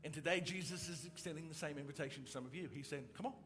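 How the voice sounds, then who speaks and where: A middle-aged male pastor delivering a sermon, moving from calm storytelling to loud, excited preaching. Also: fairly high pitch, very fast, soft background music.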